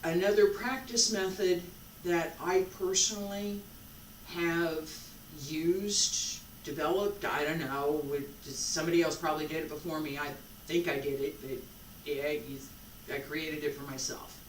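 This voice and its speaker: A qigong instructor guides a breathing session at a very slow, even pace, letting long pauses fall between a repeated calm phrase. The voice sits at a middle pitch and sounds distant from the mic. The room gives it a roomy echo over faint background ambience. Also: a little hiss or hum.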